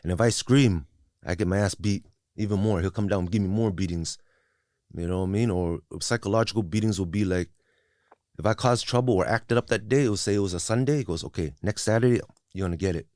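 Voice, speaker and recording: A man in his forties, guesting, speaks briskly in a lowish, darkish voice as he lays out his life story with blunt profanity, many restarts and repeated "you know what I mean." He's not a native English speaker. The sound is dry and studio-clean.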